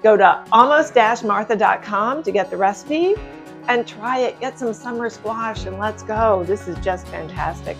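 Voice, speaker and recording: A woman's voice: mid-range voice, normal speed. Brief: woman cooking-channel host, chatty and gushing, faint music underneath. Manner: chatty, enthusiastic, gushing over food. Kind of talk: casual cooking video chat.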